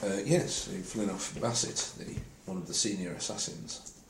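A man's voice: low voice, normal speed, gravelly, a little hiss or hum. Guy running the game, wry and giggly, roomy table recording. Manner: wry, giggly, hesitant restarts. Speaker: game master.

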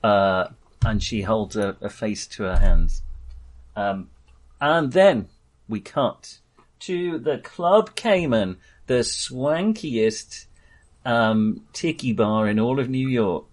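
A middle-aged man narrating a tabletop game as game master, halting with many ums. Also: lowish voice, expressive.

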